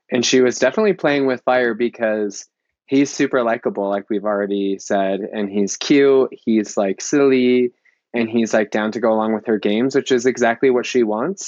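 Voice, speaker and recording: A man's voice: mid-range voice, darkish tone, no room sound, dull audio. A man chatting casually as a panelist in a film discussion, peppering his talk with "like". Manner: chatty, lots of "like".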